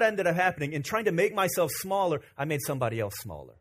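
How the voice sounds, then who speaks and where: A man preaching a sermon as pastor, telling stories in an animated, joking way. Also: fairly high pitch, fast.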